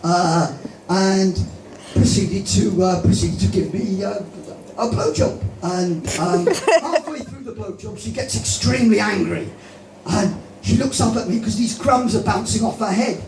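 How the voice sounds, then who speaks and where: A man doing open-mic stand-up, telling stories in a rambling, self-deprecating way full of halting restarts. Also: sits high, vocal fry, a little hiss or hum. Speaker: stand-up comedian. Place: open-mic comedy venue. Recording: echoey room, far from mic, loud music.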